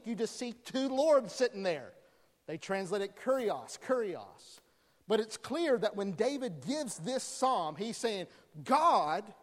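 A man preaching a sermon as a pastor, animated, acting out crowd dialogue as he teaches. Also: high-pitched. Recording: long hall reverb.

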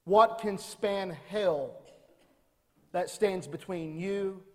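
A man's voice: sits high, drawn-out words, a little mellow, in a large hall. A man preaching a sermon as pastor, building emphasis with rhetorical questions. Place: church.

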